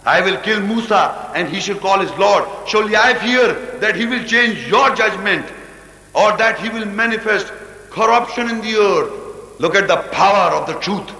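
A man teaching a scripture commentary with animated explanations, breaking into rapid chanted recitation, in an echoey hall. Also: high voice. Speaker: religious teacher.

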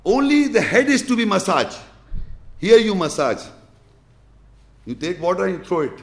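A man's voice: high-pitched, big pitch swings, moderate pace. A man giving a religious lesson, explaining and demonstrating step by step with emphatic, repeated instructions. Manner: emphatic, repetitive, demonstrates with gestures. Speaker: Islamic teacher.

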